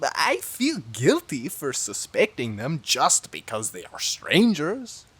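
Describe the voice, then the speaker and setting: A woman reads a children's storybook aloud with playful, animated expression. Her voice is slightly husky, and she reads at an unhurried pace with wide swings in pitch. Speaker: storybook reader. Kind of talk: expressive read-aloud narration.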